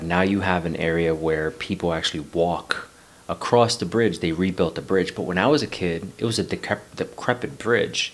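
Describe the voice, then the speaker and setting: A man in his forties from New York City telling a personal story in a loose, rambling way, swearing casually and drifting into life lessons. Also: sits low. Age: 40s. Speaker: vlogger.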